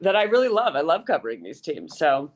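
A young woman, a sports reporter, chatting candidly as a guest in an interview, upbeat and quick to restart her sentences. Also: deep voice, wildly swooping pitch. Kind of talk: casual interview chat.

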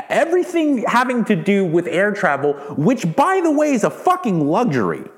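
A man hosting his own podcast, ranting heatedly and cursing often, repeating words as he builds up steam. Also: sits high. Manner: heated, profane, repeats words when worked up. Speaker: podcast host. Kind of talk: ranting monologue.

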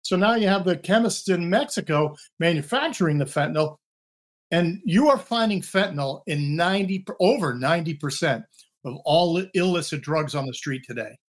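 Man, 60s, retired drug agent guest, steady explainer, pitch a touch high. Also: moderate pace. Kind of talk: podcast interview.

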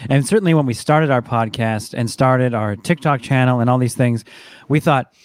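A man's voice: mid-range voice, normal speed, dry recording. A man appearing as a guest on a podcast, chatting and telling stories in a playful way. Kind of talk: casual chat.

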